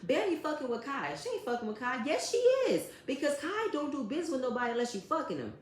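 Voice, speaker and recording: A woman's voice: mid-range voice, a little hiss or hum. A woman giving a blunt, profane recap of a reality TV episode, talking straight at the cast members. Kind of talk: casual commentary recap. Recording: roomy echo.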